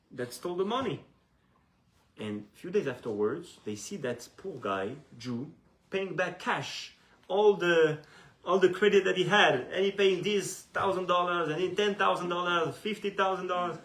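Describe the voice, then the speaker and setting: Animated male rabbi telling a story. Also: high voice, moderate pace. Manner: animated, repetitive, with frequent restarts. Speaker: rabbi teaching a class. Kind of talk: storytelling lesson. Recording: echoey room.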